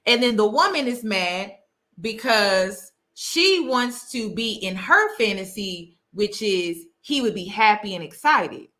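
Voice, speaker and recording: A woman's voice: mid-range voice, animated, takes it slowly, fairly bright tone. A woman hosting a casual commentary and talking straight to her viewers, emphatic and often repeating her key phrases for weight. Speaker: host.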